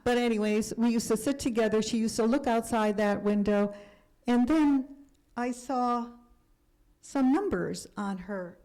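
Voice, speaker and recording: A woman in her seventies giving a talk about her life, speaking earnestly and sometimes dropping to a hush for emphasis. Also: a little high, unhurried, low-quality recording. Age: 70s. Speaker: guest speaker. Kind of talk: personal storytelling lecture.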